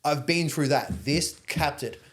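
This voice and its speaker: A man's voice: fairly high pitch, measured pace, fairly bright tone. A young Australian man, a podcast guest, telling a long personal story in a candid, rambling way with plenty of swearing. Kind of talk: casual storytelling interview.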